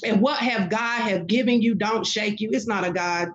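A woman's voice: medium pitch, moderate pace, dull audio. A woman minister speaking as a podcast guest, fervent and emphatic, with many fillers. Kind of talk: preaching-style interview talk.

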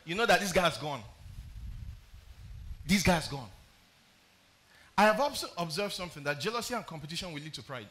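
A pastor preaching a sermon, reading scripture aloud and explaining it, often putting questions to the congregation. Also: male voice, a little high, expressive, fairly quick, long pauses, bright, forceful tone. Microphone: streamed live sermon.

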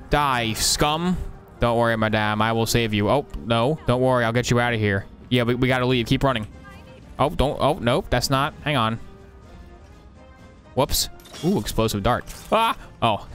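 A young man commenting on his own gameplay in a dry, mock-serious tone, his voice sitting at an ordinary middle pitch. Now and then he leaps into high, startled yelps. Faint music plays behind him. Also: a bit bright. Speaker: streamer playing a game.

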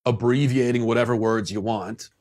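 A man's voice: mid-range voice, steady tone, normal speed, darkish tone. A man giving opinion commentary in a lecturing, indignant way.

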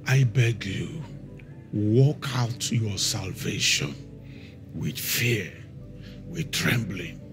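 A man's voice: on the low side, expressive, over music. A middle-aged man, a pastor preaching a sermon and telling stories, stressing words and drawing them out. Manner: storytelling, emphatic with drawn-out words.

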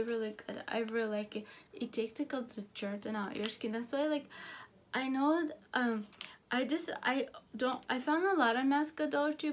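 A woman chatting casually through a beauty product haul, gushing and halting, with frequent restarts. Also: a little high, slight background noise.

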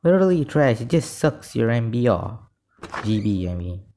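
A man giving live gameplay commentary, excitable and easily frustrated, often saying "literally". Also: lowish voice, unhurried, gravelly, slight background noise. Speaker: gaming video creator.

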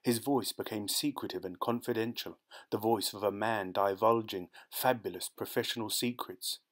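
Male audiobook narrator, low voice, measured storytelling delivery.

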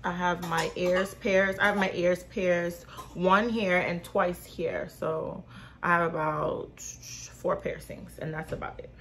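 A woman's voice: on the low side, steady tone, takes it slowly, a bit bright, a little hiss or hum. A young woman in her twenties chatting casually to viewers in a question-and-answer vlog, rambling with lots of fillers and slang, recorded on a phone. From Haitian/Bahamian. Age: 20s. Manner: informal slang, speaks to viewers as y'all. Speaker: vlogger. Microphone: phone camera.

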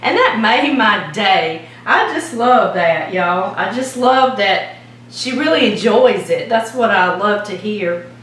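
A woman's voice: medium pitch, lively intonation, takes it slowly, fairly bright tone. Folksy Louisiana-accented woman, cooking show host, in an echoey home kitchen with some faint noise behind her. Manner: folksy, storytelling while icing a cake. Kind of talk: casual chatty cooking demo. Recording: echoey kitchen, mic at a distance.

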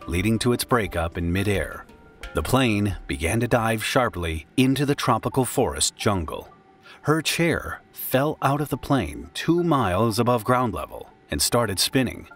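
A man giving grave, steady scripted documentary narration. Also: lowish voice, a little slow. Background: faint music.

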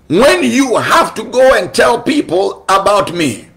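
Slow, high-voiced male preacher. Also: big pitch swings, vocal fry, fairly bright tone. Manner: emphatic, repetitive preaching with rhetorical questions. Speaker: pastor. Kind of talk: sermon.

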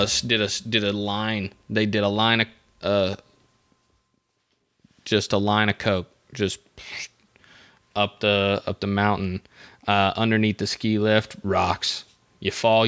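A man's voice: on the low side, a bit bright, clean tone. A young man hosting a podcast, telling a story in a rambling, wry, self-interrupting way. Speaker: podcast host. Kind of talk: casual comedic storytelling.

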